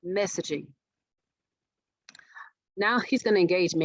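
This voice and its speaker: Speaking a little slowly with long pauses, a woman with a fairly low voice presents a marketing workshop and often asks her audience questions to keep them engaged. The webinar recording is dull and dry, with no room sound.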